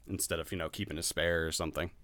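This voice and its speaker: A man's voice: low-pitched, steady tone, rapid-fire, a bit bright, no room sound. A man reviewing a video game in casual podcast chat, blunt and laughing often, swearing freely.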